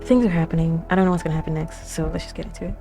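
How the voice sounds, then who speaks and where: A young woman hosting an anime reaction, talking casually with lots of fillers, gasps and excited exclamations. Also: low-pitched, rapid-fire, faint music behind. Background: anime episode soundtrack playing.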